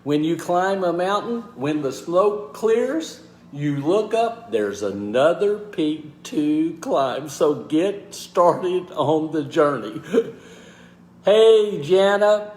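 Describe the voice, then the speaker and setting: A man hosting a motivational live talk, speaking haltingly with pauses and restarts and greeting viewers by name. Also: fairly high pitch, expressive, reverberant, slight background noise. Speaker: host.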